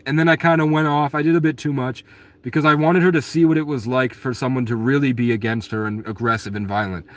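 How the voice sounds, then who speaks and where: Guy ranting at his viewers, rambly and aggrieved, lots of restarts, medium voice, swears a lot. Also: mid-range voice. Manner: blunt, swears at commenters. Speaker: vlogger answering viewer questions. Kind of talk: casual storytelling monologue.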